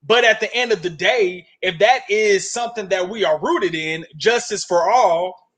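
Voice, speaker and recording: A man co-hosting a talk show, speaking in a measured, reflective way that turns quick and pointed as he makes his case. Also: sits high, fairly bright tone. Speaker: podcast co-host. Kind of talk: panel commentary.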